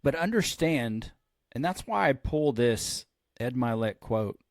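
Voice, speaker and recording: A man of ordinary pitch hosts a podcast as a pastor, telling a long story in a relaxed, chatty way. He acts out the lines of the people in it as he goes. His voice sits close to the mic in a dry, dead room. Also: unhurried, no room sound. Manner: animated storyteller who acts out quoted lines. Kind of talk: storytelling in casual podcast chat.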